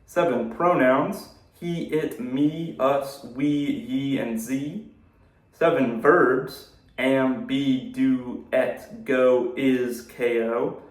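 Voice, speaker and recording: Slow, dry man in an echoey room. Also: medium pitch, fairly even intonation. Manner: dry, jokey asides between slow definitions. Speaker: video host. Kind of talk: casual explainer reading a word list.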